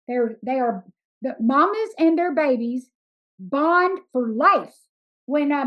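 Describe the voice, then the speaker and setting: A woman's voice: high voice, rough recording. A middle-aged woman, telling folksy stories in a chatty, emphatic way as an interview guest. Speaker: sanctuary founder, interview guest. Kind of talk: casual storytelling interview.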